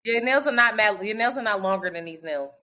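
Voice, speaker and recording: A woman co-hosting a casual podcast chat, animated and cursing freely, slipping into quoted voices. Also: medium pitch, a little fast. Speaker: podcast co-host.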